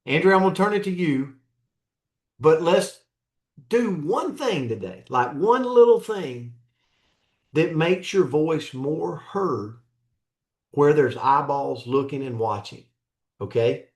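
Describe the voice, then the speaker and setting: A man's voice: on the high side, animated, slow, pauses often, a little mellow, echoey room. A man hosting a motivational show as a coach, talking in an earnest, folksy way and repeating his phrases. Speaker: coach and host. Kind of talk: motivational talk.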